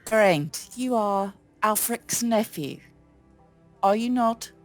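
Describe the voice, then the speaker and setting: A man voicing a noblewoman of standing, asking measured, probing questions. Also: high-pitched, soft background music, pitched above the performer's own voice.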